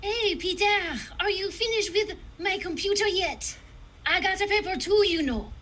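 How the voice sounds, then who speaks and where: A woman voicing a curious teenage girl in a comedy table read, with a deliberately terrible French accent. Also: extremely high pitch, fairly bright tone. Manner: exaggerated bad French accent.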